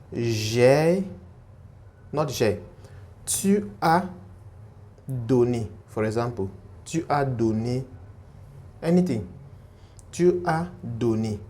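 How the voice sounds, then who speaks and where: A man's voice: medium pitch, mellow. A man teaching a French grammar lesson in English, explaining step by step, repeating key points with emphasis.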